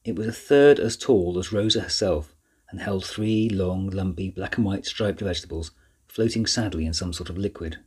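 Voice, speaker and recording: A man narrating a children's novel in an even, measured storytelling voice. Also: deep voice, husky. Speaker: audiobook narrator. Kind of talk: scripted narration.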